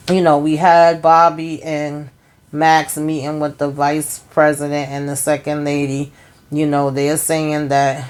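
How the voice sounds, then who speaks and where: A woman with a low voice talks through a TV episode in a relaxed, chatty way. She retells each scene as quoted back-and-forth dialogue, full of fillers and asides. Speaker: TV recap host. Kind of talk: casual episode recap.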